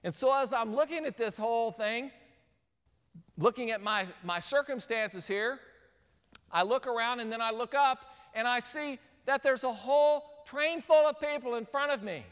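A man's voice: extremely high pitch, moderate pace, clean tone. A man giving a sermon to parents, telling a story and acting out the scenes as he goes. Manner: animated storyteller, acts out scenes. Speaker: speaker. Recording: long hall reverb.

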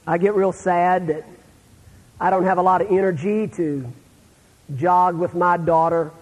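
A middle-aged man preaching a sermon, telling stories and dropping to a hush for the sad parts. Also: high voice, steady tone, unhurried, long reverb tail, low-quality recording. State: terminal illness, on breathing treatments. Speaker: pastor.

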